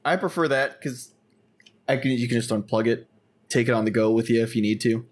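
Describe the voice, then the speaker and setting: A man's voice: mid-range voice, fairly quick. A young man co-hosting a podcast, chatting casually and explaining things in eager detail. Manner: enthusiastic, explains gear in detail. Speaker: podcast co-host. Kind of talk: casual chat.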